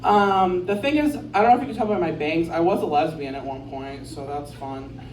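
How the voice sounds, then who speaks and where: A woman's voice: sits low, fairly quick, noisy background. Rambling crude woman doing stand-up. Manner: rambling, crude, self-mocking. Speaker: stand-up comedian. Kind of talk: stand-up set. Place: bar with a live audience. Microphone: handheld stage mic. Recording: roomy bar, distant mic, crowd laughter.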